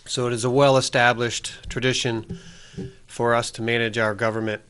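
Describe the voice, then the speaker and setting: A man's voice: mid-range voice, flat delivery, fairly bright tone, smooth. Earnest man hosting a cable talk show. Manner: earnest, halting with fillers. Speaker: host. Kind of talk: casual public-access talk show. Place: local cable TV studio.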